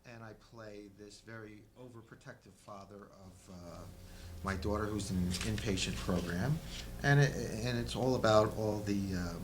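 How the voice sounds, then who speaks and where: A man's voice: lowish voice, normal speed, noisy background. A man guest on a talk show, an actor joking and mocking himself as he answers questions. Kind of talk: casual comedic interview.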